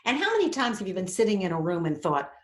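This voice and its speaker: Brief: woman acting coach, lively lecture voice, roomy echo. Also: mid-range voice, fast talker. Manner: animated, acts out quoted inner voices. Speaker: acting teacher. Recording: echoey room.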